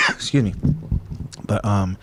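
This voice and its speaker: A podcast host talks casually in a low, slow, slightly bright voice. He rambles hesitantly, full of fillers and restarted sentences.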